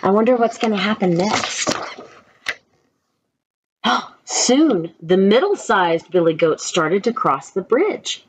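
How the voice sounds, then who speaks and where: A woman reading a children's story aloud, slow and gentle, asking the children questions as she goes. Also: mid-range voice, very animated, a little hiss or hum, poor audio. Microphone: own camera.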